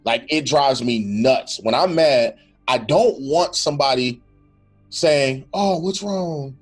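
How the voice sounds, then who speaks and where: Slow-paced and mid-range, a man co-hosts a casual faith podcast with faint music behind him; he's earnest and thoughtful, acting out imagined speech and restarting often.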